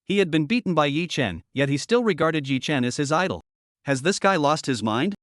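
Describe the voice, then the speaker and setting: A man's voice: a little high, animated, a little fast, no room sound, clean studio sound. A man narrating a comic story recap in a scripted, dramatic storytelling style.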